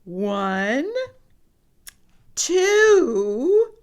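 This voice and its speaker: A woman voicing a bubbly excited little pig. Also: high-pitched, slow, voice pushed up, exaggerated voice. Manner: bubbly and delighted. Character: cheerful excitable young female pig. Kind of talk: storybook read-aloud.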